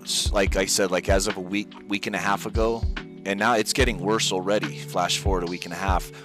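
Speaking briskly in a low, steady voice, a young man streams games and makes rambling, jokey small talk full of relaxed gamer slang. Music runs behind him.

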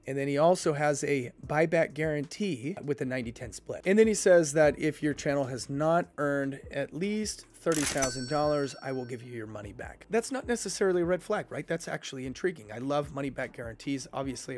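A man's voice: fairly high pitch, darkish tone. A man who works as a YouTube consultant, talking skeptically and directly to his viewers in a casual commentary vlog.

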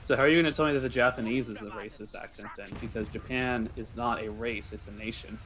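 A man's voice: medium pitch, steady tone, quick pace, crowd noise. A young man chatting as a teammate in a zombie game, matter-of-fact, giving directions and arguing his point. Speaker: teammate in voice chat. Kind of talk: casual gaming chat.

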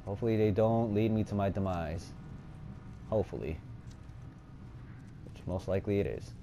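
A man giving let's play commentary, swinging between nervous muttering and loud excited shouting, and swearing a lot. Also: lowish voice, moderate pace, long pauses, a little hiss or hum. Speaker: gaming streamer.

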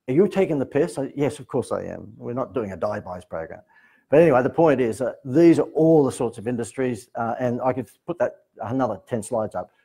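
A man's voice: medium pitch, mellow, rough recording. A man with an Australian accent giving a live seminar talk to a room, telling stories in a joking, sarcastic way. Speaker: seminar presenter.

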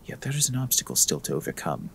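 A man's voice: low-pitched, big pitch swings, quick pace, creaky, a bit bright, slight background noise, pitched below the performer's own voice, heavily acted. A man putting on a mock-French traveler's journal voice. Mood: solemn. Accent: attempted French accent. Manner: solemn reading of journal entries. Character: male medieval traveler writing a journal.

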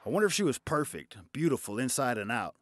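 A man's voice: mid-range voice, big pitch swings, quick pace, very noisy. A man doing a stand-up routine, sarcastic and profane. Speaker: stand-up comedian.

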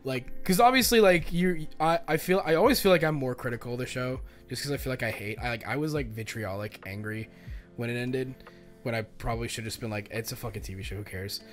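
A man co-hosting a casual podcast, animated and profane, bursting into loud acted-out quotes as he talks. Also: medium pitch, fast, faint music behind. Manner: animated, swearing, acts out quotes loudly. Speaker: podcast co-host. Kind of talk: casual chat.

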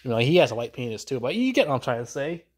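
A man delivering a crude, profanity-filled film rant to his subscribers, his pitch jumping up sharply when he gets worked up. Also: sing-song, very fast, slightly rough. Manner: crude, swearing, sudden pitch jumps. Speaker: film reviewer.

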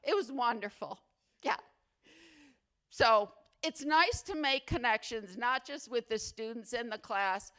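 Slow-spoken, playful woman giving an award speech. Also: medium pitch, a bit bright, clear, resonant tone. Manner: chatty and playfully humorous; affectionate, sentimental. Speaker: faculty award recipient. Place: awards ceremony venue.

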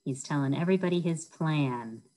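Woman storytime reader, low-pitched, slow and very animated, reading a picture book aloud. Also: poor audio. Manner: animated, asks the listeners questions.

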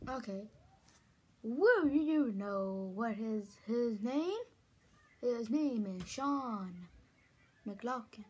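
A woman chatting playfully as toy characters, giggly and excitable with sudden shouts. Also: fairly high pitch, very slow, long pauses, slightly rough. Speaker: fan video host.

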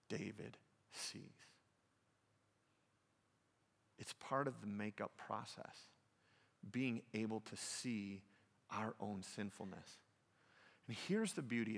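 A man preaching a sermon as pastor, telling a story with rising, emphatic delivery that swings high and loud at dramatic points. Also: vocal fry, big-room sound.

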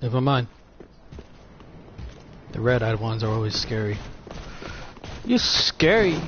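A man's voice: lowish voice, measured pace. An American man giving casual, profane, joking commentary while playing a game at home. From United States. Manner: profane joking trash talk. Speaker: gaming YouTuber. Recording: dull lo-fi sound with steady noise.

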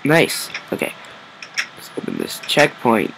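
A man giving slow, rambling let's play commentary, his bright voice swinging widely in pitch. He talks to himself as he plays and erupts in frustrated cries now and then. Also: huge pitch swings, creaky, slight background noise, poor audio. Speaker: gameplay video creator.

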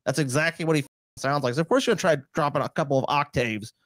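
Fast, crude comedic co-host, man. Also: a little high, dry recording, clean studio sound. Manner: swearing, mocking, animated. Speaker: podcast co-host. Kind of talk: casual comedic reaction chat.

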